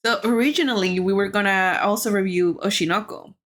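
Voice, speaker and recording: A woman's voice: mid-range voice, fairly quick, a bit bright. Blunt, laughing woman podcaster. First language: Spanish. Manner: blunt, laughing, swears freely. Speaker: podcast co-host. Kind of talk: casual chat.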